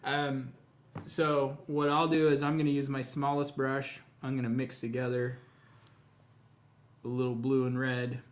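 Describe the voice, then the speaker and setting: A man teaching a live painting tutorial, explaining each step in a relaxed, chatty way. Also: medium pitch, measured pace. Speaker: painting instructor.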